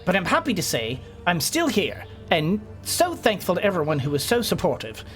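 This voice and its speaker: A woman reading a letter aloud in a put-on English accent, voicing a gentle, ailing woman scientist in a soft, earnest, measured way. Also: on the low side, huge pitch swings, soft background music. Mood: tender.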